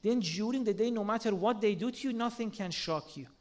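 A man's voice: high voice, a little fast. A man giving a sermon, earnest and full of rhetorical questions and everyday examples. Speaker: religious speaker.

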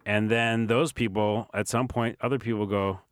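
A man's voice: fairly low pitch, steady tone, normal speed, dry recording, clean studio sound. A man from the United States, co-hosting a casual podcast chat in a loose, chatty way that includes casual swearing. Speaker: podcast co-host.

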